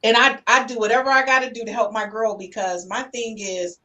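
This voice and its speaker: A woman podcast host. She chats casually, calls her listeners "honey", and reads viewer comments out loud with lively energy. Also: fairly high pitch, fairly quick, rough recording.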